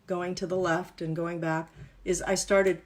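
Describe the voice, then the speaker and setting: A woman's voice: fairly low pitch, level tone, unhurried. A woman coach leading a live online workshop, explaining exercises in an upbeat, playful, instructive way. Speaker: wellness and business coach.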